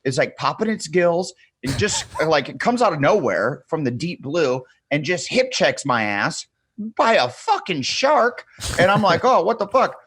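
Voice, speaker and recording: A man's voice: a little high, big pitch swings, a little slow, a bit bright, husky, dry recording. A man in his thirties, a podcast guest, telling a wild story in a casual, profane way and acting out the people he quotes.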